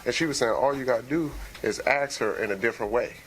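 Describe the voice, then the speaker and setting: A man in a barbershop talk, telling reflective stories in a level, monotone way. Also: medium pitch, fast, a little hiss or hum. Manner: calls himself monotone, reflective storytelling. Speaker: barbershop discussion participant. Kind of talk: casual group chat.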